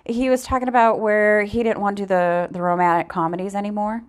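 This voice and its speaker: A woman's voice: medium pitch, fairly even intonation, fairly quick. A woman co-hosting a casual podcast chat, talking in loose, trailing sentences with restarts. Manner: chatty, trailing off into hesitant restarts. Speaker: podcast co-host.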